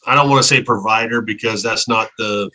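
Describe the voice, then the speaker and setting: A man with a bright, forceful voice co-hosts a relaxed podcast chat. He talks earnestly and rambles, often doubling back on his words as he thinks. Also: on the low side, a little fast, low-quality recording. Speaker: podcast co-host. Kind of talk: casual podcast interview.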